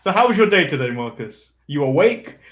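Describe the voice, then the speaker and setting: A young man hosts a casual wrestling podcast in an easy, relaxed way. He chuckles between his remarks. His voice sits a little high for a man. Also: brisk, reverberant, lo-fi sound. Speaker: podcast host. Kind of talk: casual chat.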